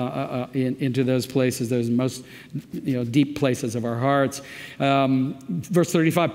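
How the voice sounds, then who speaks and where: A man preaching a verse-by-verse sermon as a pastor, talking conversationally and reading the text with emphatic, animated delivery. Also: medium pitch. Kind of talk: expository sermon. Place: church sanctuary. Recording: long church reverb.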